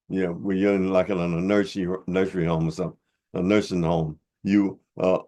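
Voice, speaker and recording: Deep-voiced older man, combative rebuttal. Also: level tone, a little fast, dark tone. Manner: combative, mocking, preacher-like; blunt and informal. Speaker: religious commentator. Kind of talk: heated rebuttal monologue.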